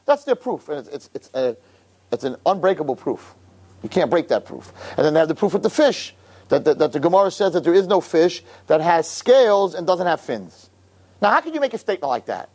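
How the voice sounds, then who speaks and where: A man giving an animated storytelling sermon as a religious teacher, who keeps checking in with the audience. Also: fairly high pitch, brisk. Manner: animated, keeps asking "right?".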